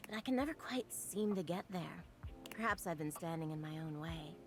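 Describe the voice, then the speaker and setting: A woman voicing a lonely female bed in a game, speaking softly and hesitantly over game music. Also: fairly low pitch, animated, moderate pace. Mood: wistful. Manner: soft, wistful, hesitant.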